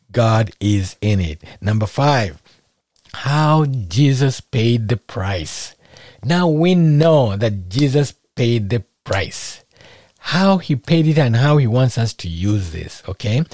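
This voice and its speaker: A man preaching a sermon in a conversational, animated way, acting out little scenes as he goes. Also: medium pitch, no room sound, studio quality.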